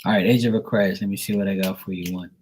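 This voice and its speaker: A man's voice: deep voice, steady tone, very fast, darkish tone, a little hiss or hum. A young man giving live tarot readings, chatting loosely and swearing casually while he reads messages to viewers. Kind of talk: casual livestream chat.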